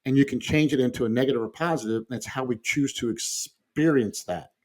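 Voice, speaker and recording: A middle-aged man chats as a podcast guest, spinning family stories with fillers and easy chuckles. His voice sits at an ordinary middle pitch. He slips into lively mimicry of the people he describes. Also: fairly quick. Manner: animated storyteller who acts out quoted voices, with frequent fillers and chuckles. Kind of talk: casual conversational storytelling.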